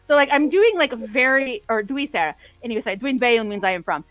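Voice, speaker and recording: High-voiced woman telling rambling stories. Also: expressive, a little fast, a bit bright, no room sound, soft background music. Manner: rambling, tangent-prone storytelling. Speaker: podcast co-host. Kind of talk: casual chat.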